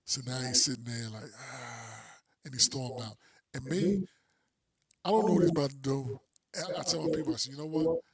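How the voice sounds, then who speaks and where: A man's voice: medium pitch, fairly quick, gravelly, slightly rough. Male podcast co-host, casual slangy storyteller, acts out quotes.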